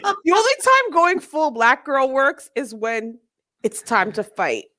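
A woman's voice: sits high, a little slow. A woman co-hosting a casual chat, brash and joking, with plenty of swearing. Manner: brash, animated, swearing jokes.

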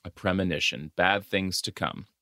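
A man's voice: low-pitched, normal speed, no room sound, clean studio sound. A man co-hosting a podcast, recapping a film in a casual chat and mixing Spanish phrases into his English, with a Dominican-American accent. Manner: animated storytelling, switching between English and Spanish. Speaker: podcast co-host.

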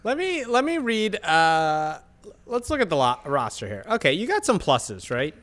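A man with a fairly high, lively voice runs down a basketball roster with dry mockery. He sounds like a podcast co-host riffing casually with his friends. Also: moderate pace. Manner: dry, mocking, reads off a roster. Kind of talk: casual sports banter.

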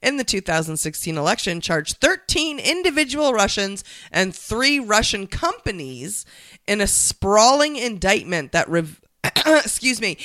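A playful woman co-host who laughs often and keeps a bright, crisp tone. The sound is dry and close to the mic. Her banter is quick. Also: medium pitch, no room sound. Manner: giggly, playful, mimics voices. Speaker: podcast co-host. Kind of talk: casual chat.

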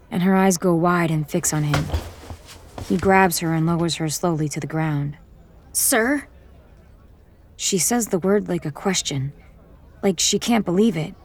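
Brief: woman narrator, lowish voice, measured first-person storytelling. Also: darkish tone.

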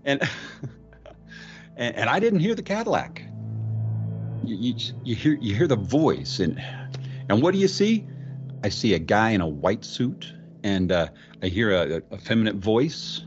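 Low-voiced man telling a spooky story. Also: big pitch swings, muffled recording, soft background music. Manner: slipping in and out of a celebrity impression; halting, repeats words, sudden high exclamations. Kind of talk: dramatic retelling of a ghost story.

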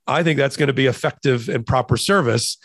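A man's voice: medium pitch, a little fast, no room sound. Dry-voiced man explaining law. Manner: explanatory, conversational, with restarts. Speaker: podcast co-host, trial lawyer. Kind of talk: casual legal commentary.

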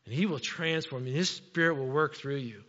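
Animated preaching man in a reverberant church. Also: mid-range voice. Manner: animated preaching, acts out Bible characters in quick asides. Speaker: pastor. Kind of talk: sermon. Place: church sanctuary. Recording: dull sound with long hall reverb.

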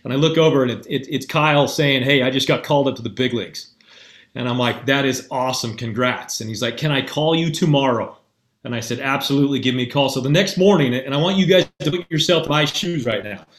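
A man telling a coaching story in a casual, lively way, playing out what each person said. His voice sits in the middle range and carries a roomy, echoey sound. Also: mid-range voice, fast talker. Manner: animated, acts out both sides of dialogue. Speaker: mental performance coach.

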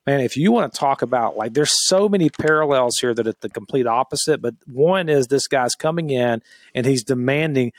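A man's voice: mid-range voice, fairly quick, no room sound, clean studio sound. A man co-hosting a podcast, leading a Bible discussion and reading scripture aloud in an earnest, emphatic way with frequent restarts. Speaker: podcast co-host.

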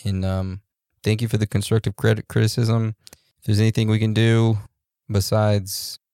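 A man co-hosting a podcast in a relaxed, joking way, reading out listener reviews with loose fillers and laughs. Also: fairly low pitch, moderate pace, clear, resonant tone, no room sound. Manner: laid-back, laughs and jokes, loose fillers. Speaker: podcast co-host.

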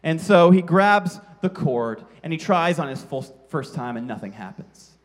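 High-voiced man telling a story from the pulpit. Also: measured pace. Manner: animated storyteller, sound effects, self-mocking. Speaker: pastor. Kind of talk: sermon with a personal story.

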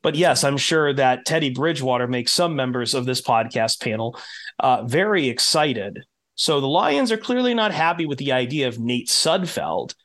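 A man hosting a podcast with a low husky voice from a sore throat, talking in a wry, joking, rambling way. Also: expressive, moderate pace, a bit bright. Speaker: podcast host. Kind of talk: casual podcast chat.

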